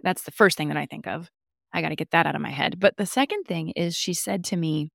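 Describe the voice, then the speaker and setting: Low-pitched woman, expressive storyteller, dry close sound; interview guest. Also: quick pace, creaky, dry recording. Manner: lively storyteller who acts out dialogue. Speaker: guest, mother of a nonverbal child. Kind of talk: casual interview talk.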